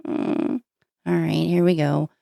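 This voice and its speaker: A woman podcast host reading jokes aloud in a flat, unenthusiastic way during a casual chat. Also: medium pitch, a little fast, no echo, studio quality. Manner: flat, unenthusiastic joke delivery.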